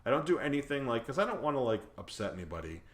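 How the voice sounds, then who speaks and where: A man's voice: medium pitch, big pitch swings, racing. A man hosting a podcast, talking in a rambling, self-deprecating way with lots of fillers. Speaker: podcast host. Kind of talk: casual chat.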